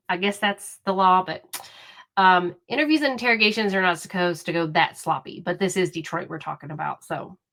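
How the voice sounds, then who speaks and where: A woman's voice: mid-range voice, fairly bright tone. A woman giving casual true crime commentary, talking in an indignant, chatty way with many fillers and restarts.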